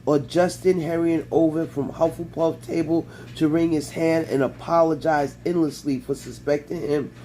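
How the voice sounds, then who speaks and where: A man reading a children's fantasy novel aloud in a measured storytelling manner. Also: on the high side, fairly even intonation, warm tone, a little hiss or hum, rough recording. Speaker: audiobook reader.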